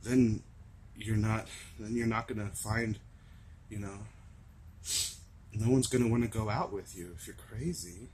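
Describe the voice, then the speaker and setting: A young man with a raspy voice, talking earnestly and rambling to camera in a confessional vlog. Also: on the low side, steady tone, unhurried, long pauses, a little hiss or hum. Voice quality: raspy from screaming. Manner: earnest, rambling, swings from shouting to laughing to soft musing. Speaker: vlogger.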